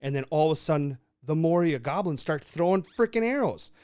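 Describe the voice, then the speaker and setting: A man's voice: on the high side, expressive, a little fast, a little mellow, clear, resonant tone, dry recording, clean studio sound. A young man co-hosting a podcast, casually telling a made-up story in a loose, swearing, laughing way. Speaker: podcast co-host.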